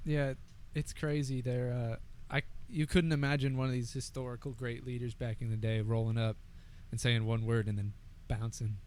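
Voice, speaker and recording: A young man co-hosting a podcast in casual chat, animated, swearing and laughing often. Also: mid-range voice, moderate pace. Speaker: podcast co-host.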